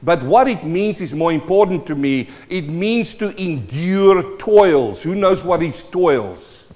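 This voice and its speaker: A man preaching a sermon in a South African accent, swinging from loud declaiming to a hushed voice. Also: a little high, very animated, takes it slowly. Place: church hall. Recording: long hall reverb.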